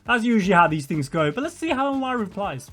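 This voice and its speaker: Chatty man, high voice. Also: very animated, fast talker, fairly bright tone, faint music behind. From Australia. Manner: rambling, chatty. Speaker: reaction video host. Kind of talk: casual commentary.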